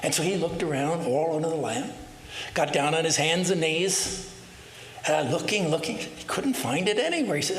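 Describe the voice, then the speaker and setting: A man giving a spiritual talk, telling parables in an unhurried way and asking rhetorical questions. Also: a little high, fairly bright tone. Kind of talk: sermon with storytelling. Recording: roomy hall with faint hiss.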